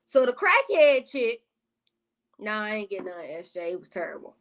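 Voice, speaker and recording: A woman vlogger telling a casual storytime, profane and exasperated, with slangy asides and quick greetings to her viewers. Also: medium pitch, very animated, fairly bright tone.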